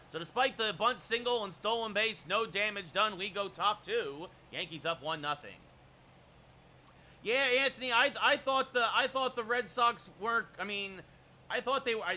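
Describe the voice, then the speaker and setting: A man streaming a baseball video game, calling the plays like a broadcaster and chatting with viewers between pitches. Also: slight background noise. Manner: erupts into shouted home-run calls. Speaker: streamer doing play-by-play. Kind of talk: live-stream game commentary.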